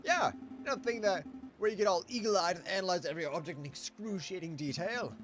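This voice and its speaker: A man voicing a brash, loud little male sparrow sidekick in a detective game. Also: high voice, animated, fast. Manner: shouty and blunt.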